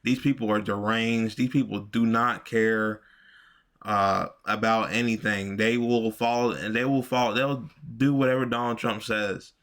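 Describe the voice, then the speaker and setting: Male commentary host, low voice, rambling, profane, filler-heavy, casual. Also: fairly even intonation, unhurried, a bit bright.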